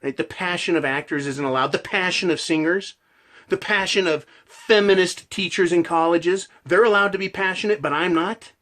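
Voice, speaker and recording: A man's voice: sits high, normal speed, pushed and bright. A man delivering a passionate, profane ranting monologue as a channel host.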